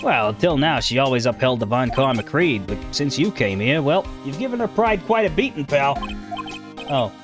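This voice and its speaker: A man voicing a gruff, loyal, middle-aged male police detective who keeps calling people "pal", in a game playthrough. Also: medium pitch, very animated, moderate pace, over music, lightly acted. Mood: concerned. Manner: drawls and ends sentences with "pal". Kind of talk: video game voice-over playthrough.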